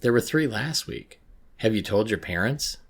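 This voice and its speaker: A man's voice: lowish voice, animated, normal speed, voice pushed up. A man voicing a worried female school counselor who questions a student, in a horror story reading. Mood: puzzled.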